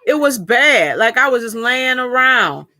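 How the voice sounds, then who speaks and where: A woman's voice: fairly high pitch, sing-song, measured pace, pushed and bright, no room sound. A middle-aged woman chatting casually with viewers during a live stream, telling a long personal story in a talkative, colloquial way.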